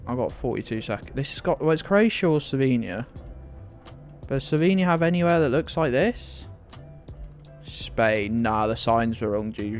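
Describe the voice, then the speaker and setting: A man streaming a guessing game, rambling and self-deprecating, with plenty of swearing. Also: mid-range voice. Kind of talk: live-stream commentary.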